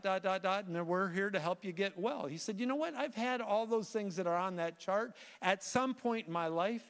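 A man with a high voice preaches to his congregation, telling a story in an animated way with frequent restarts. His words ring out through a reverberant church sanctuary. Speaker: guest preacher. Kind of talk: sermon.

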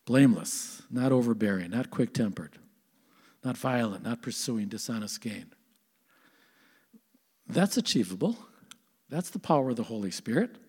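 A man's voice: medium pitch, lively intonation, moderate pace, long pauses, a little mellow, breathy edge, long reverb tail. An older man preaching a sermon as pastor, earnest and conversational, asking his listeners questions.

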